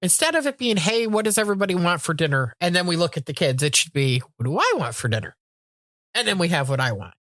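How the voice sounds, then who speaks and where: In a dry, studio-quality recording, a middle-aged podcast co-host chats casually, speaking quickly in a lowish register. Her storytelling is animated, full of acted-out quotes and plenty of swearing.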